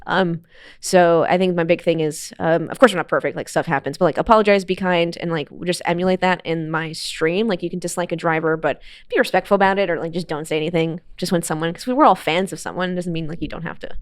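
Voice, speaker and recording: A woman's voice: on the low side, steady tone, fast talker, smooth. A young woman talking casually as a podcast guest, chatty and laughing often. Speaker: guest, motorsport streamer. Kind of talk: casual interview chat.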